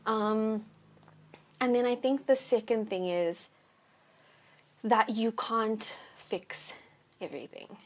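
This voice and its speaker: A woman's voice: on the high side, fairly even intonation, slow pace, pauses often. Candid young woman co-hosting a podcast. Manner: candid, emphatic, laughs easily. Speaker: podcast co-host. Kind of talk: casual chat.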